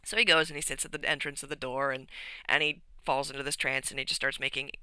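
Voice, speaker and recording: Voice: mid-range voice, little pitch movement, quick pace, sharp tone, smooth, no echo, low-quality recording. A streamer rambling through a casual recap of a tabletop game session, with lots of fillers and restarts.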